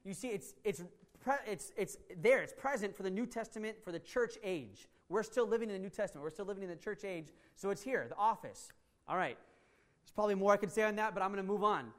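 Earnest high-voiced male preacher. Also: fast. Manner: earnest, emphatic, with fillers and restarts. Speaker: pastor. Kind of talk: sermon teaching.

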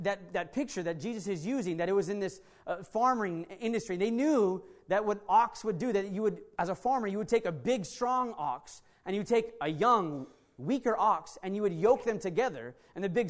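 An earnest preacher delivers a sermon, circling back to the same key phrases again and again. Sentences often break off and restart mid-thought as the point is pressed home. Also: mid-range voice.

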